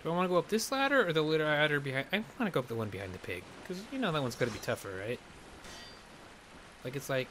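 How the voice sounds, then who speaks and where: A man's voice: on the high side, sing-song, fast, fairly bright tone, slight background noise. A man giving jokey let's play commentary, rambling and muttering to himself as he plays. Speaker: gamer.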